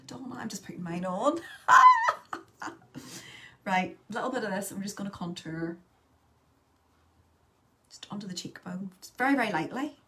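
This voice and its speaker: A woman talks her way through a makeup tutorial in a relaxed, chatty voice at a middle pitch. She keeps up easy conversation with her viewers while she works. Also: a little hiss or hum. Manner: chatty, reads out and answers live viewer comments. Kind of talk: casual live makeup tutorial chat.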